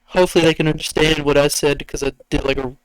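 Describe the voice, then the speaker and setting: A man's voice: fairly high pitch, flat delivery, quick pace, clean tone, no echo, low-quality recording. A young man co-hosting a casual podcast, joking around, rambling and trailing off mid-sentence. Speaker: podcast co-host.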